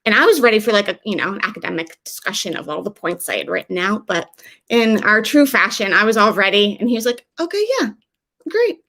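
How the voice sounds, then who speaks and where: A woman's voice: fast, creaky, a bit bright. A young woman from the US telling a true first-person story, acting out the quoted lines of the people in it. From USA. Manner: conversational, acts out quoted dialogue with shifts in pitch.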